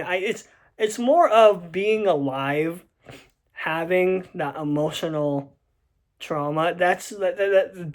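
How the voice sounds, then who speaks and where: Rambling young storyteller, animated retelling. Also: male voice, sits high. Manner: rambling, animated, many restarts and fillers. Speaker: vlogger telling a personal story. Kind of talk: casual storytelling to camera.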